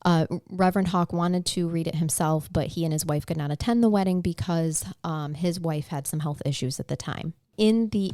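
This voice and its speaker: A woman's voice: deep voice, warm tone, no room sound, clean studio sound. A woman co-hosting a casual true-crime podcast, telling a case in a conversational way and getting emotional at times. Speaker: podcast co-host.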